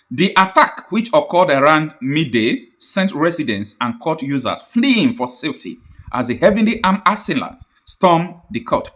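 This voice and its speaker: A man with a Nigerian accent reads a news article aloud and comments on it, speaking with passion and repeating his points. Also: a bit bright. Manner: impassioned, repetitive, with sudden rises in pitch.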